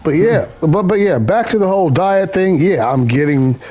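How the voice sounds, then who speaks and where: A man's voice: sits high, lively intonation, normal speed, dull audio. A man hosting a gaming stream, chatting casually and rambling, repeating his words as he goes. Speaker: gaming channel host. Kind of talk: casual chat while gaming.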